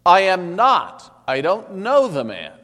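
A man's voice: medium pitch, lively intonation, a little slow, pitched above the performer's own voice. A man voicing a frightened disciple who denies things emphatically and defensively. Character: frightened fisherman disciple denying, adult man. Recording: long hall reverb.

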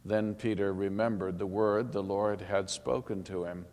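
A man reading a Bible passage aloud in a steady, solemn manner. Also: on the low side, a little slow, hardly any pauses. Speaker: scripture reader. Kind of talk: scripted Bible narration. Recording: long hall reverb.

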